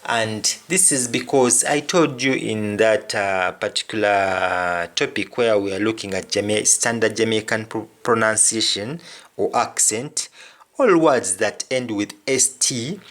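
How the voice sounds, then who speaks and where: Slow, repetitive male language teacher. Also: lowish voice, a bit bright. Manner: slow, repeats each word several times. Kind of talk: spoken lesson on patois phrases.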